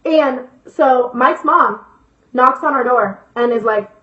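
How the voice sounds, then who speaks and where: A woman's voice: high voice, takes it slowly, fairly bright tone. A young woman vlogger telling a storytime tale in a dramatic, profane way, full of fillers. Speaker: YouTuber. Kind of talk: storytime vlog. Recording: echoey lo-fi room sound.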